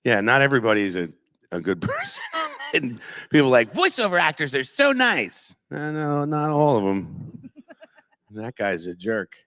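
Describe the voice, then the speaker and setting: A man, a voice actor, chatting casually on a convention panel, telling animated stories and dropping into impressions. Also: mid-range voice, unhurried. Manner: animated storyteller, slips into impressions. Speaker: voice actor guest. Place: convention auditorium stage.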